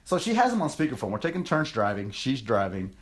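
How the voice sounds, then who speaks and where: A young man telling a story on his podcast in a loose, rambling way. He swears a lot and pokes fun at himself. His voice sits at an ordinary middle pitch. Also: big pitch swings, fast talker. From United States. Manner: profane, rambling and self-mocking. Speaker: podcast host. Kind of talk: casual storytelling monologue.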